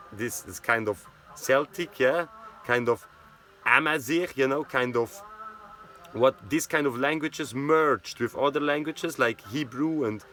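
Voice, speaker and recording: A man's voice: mid-range voice, fairly bright tone. A man with a Swiss German accent, a native Swiss German speaker from Switzerland, giving a rambling casual history talk with constant "yeah?" tag questions.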